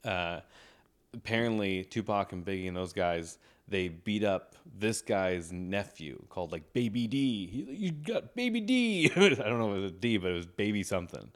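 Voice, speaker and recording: A man's voice: low-pitched, moderate pace. A young man co-hosting a podcast in casual chat, rambling with lots of restarts and laughs. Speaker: podcast co-host.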